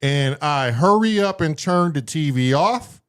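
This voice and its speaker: A man's voice: a little high, a little slow. A man casually telling a story on a talk show, acting out what people said and swearing freely. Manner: animated, acts out voices in his story. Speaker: podcast co-host telling a story.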